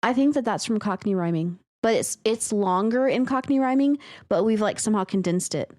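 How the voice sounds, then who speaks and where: A woman co-hosting a podcast in casual chat, excitable and casually profane, reading bits aloud. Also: mid-range voice, fairly quick. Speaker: podcast co-host, teacher.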